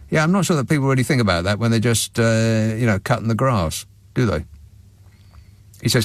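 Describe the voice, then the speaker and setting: A man's voice: on the low side, moderate pace, dry recording. A man hosting a radio phone-in, talking in a dry, sardonic way from a studio microphone. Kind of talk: talk radio monologue and phone-in.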